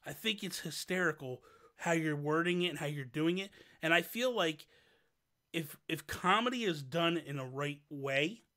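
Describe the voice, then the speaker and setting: A man hosting a casual livestream chat, an animated and long-winded storyteller who wanders off on tangents. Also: on the high side, normal speed. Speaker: show host.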